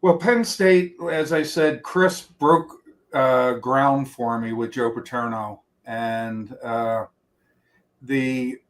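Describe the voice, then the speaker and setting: A middle-aged man of ordinary, mid-range pitch telling long stories as an interview guest. He rambles, restarts sentences and jumps around between memories. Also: steady tone, slow, a bit bright. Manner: rambling storyteller with many restarts and quoted voices. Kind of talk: reminiscing interview talk.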